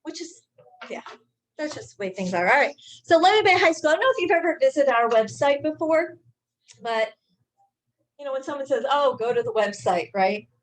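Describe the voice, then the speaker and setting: A middle-aged woman, a high school staff member, giving an informal, halting talk to a club meeting, with many fillers and restarts. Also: lively intonation, poor audio.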